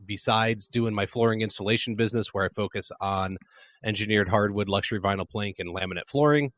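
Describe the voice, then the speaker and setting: A man's voice: lowish voice, fairly bright tone, a little hiss or hum. An American man from Arizona with a mostly neutral accent and a slight Chicago twinge, chatting casually as a podcast guest, with lots of "like" fillers and restarts. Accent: near-neutral American with a slight Chicago twinge. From Arizona, United States. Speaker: podcast guest, flooring business owner. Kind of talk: casual conversation.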